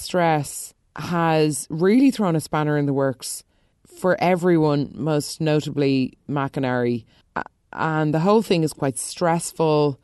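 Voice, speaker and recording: A woman talks through a soap recap in a casual, opinionated way. Her voice sits low, with sudden high exclamations. The recording is dry and close. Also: a little mellow, clean tone, no echo. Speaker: soap opera recap host.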